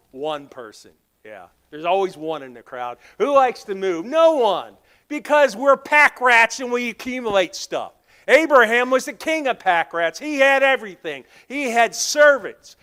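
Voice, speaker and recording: A pastor with a Southern accent preaching a sermon, telling stories and acting out the dialogue, teasing members of the congregation by name. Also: male voice, very high-pitched, pushed and bright. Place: church sanctuary.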